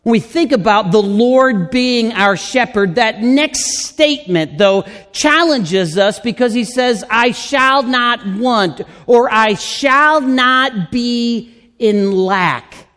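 A man preaching a sermon in a church, his voice sitting high for a man. He speaks slowly and deliberately, drawing out his phrases. The sound carries a long hall reverb. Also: fairly bright tone. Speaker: pastor. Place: church sanctuary.

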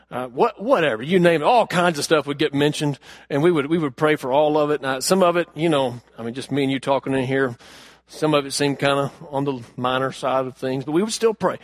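A man preaching a sermon, telling a story earnestly and asking the congregation questions, moving from loud emphasis to hushed lines. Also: fairly high pitch, no room sound, studio quality. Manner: addresses the congregation directly with questions. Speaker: pastor.

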